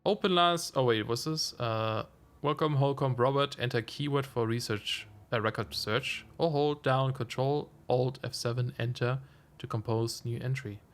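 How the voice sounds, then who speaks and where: A man's voice: mid-range voice, moderate pace. A man streaming a video game, giving casual commentary and thinking aloud with frequent chuckles. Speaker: let's play streamer.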